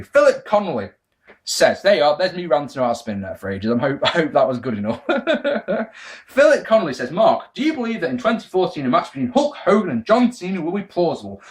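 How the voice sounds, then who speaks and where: A young man ranting casually to camera, his pitch swinging widely from loud bursts to low mutters. His voice sits slightly high for a man. He swears freely and laughs at his own asides. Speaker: wrestling vlogger answering viewer questions. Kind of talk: casual rant.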